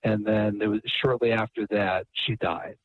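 A man, an author and guest on a radio talk show, telling a story in an animated way and often repeating words. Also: on the low side, normal speed, no echo, phone-quality sound.

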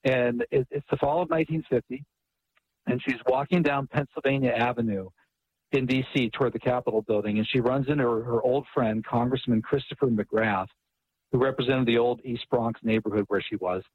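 A man, an author and guest on a radio talk show, telling a story in an animated way and often repeating words. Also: medium pitch, brisk, slightly rough, narrow, tinny audio.

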